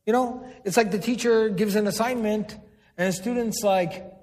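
A man's voice: high-pitched, normal speed, a little mellow. A man giving a religious lecture to a live audience, quizzing them and repeating key words for emphasis. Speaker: religious teacher. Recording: long hall reverb.

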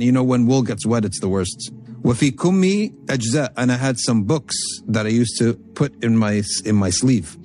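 A man giving a religious lecture, telling a story from Arabic texts and explaining it in English with animated, emphatic delivery. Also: medium pitch. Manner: emphatic, repeats phrases for stress. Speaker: Islamic teacher.

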